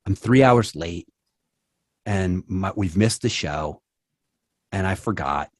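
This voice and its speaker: A man's voice: deep voice, expressive, slow, no echo, studio quality. A middle-aged man speaking at a church, acting out quoted apologies with many restarts. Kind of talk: conversational church talk.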